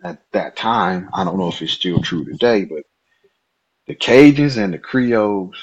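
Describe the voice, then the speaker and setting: A man from Nebraska, a podcast guest, telling a story in an animated way, laughing often and acting out the dialogue. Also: deep voice, unhurried, husky, dull audio. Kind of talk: casual storytelling.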